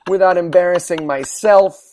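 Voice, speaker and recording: A man's voice: high-pitched, over a noisy crowd. Sarcastic man riffing on a podcast. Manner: sarcastic, rambling with quick restarts. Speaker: podcast co-host. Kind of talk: casual comedic movie chat.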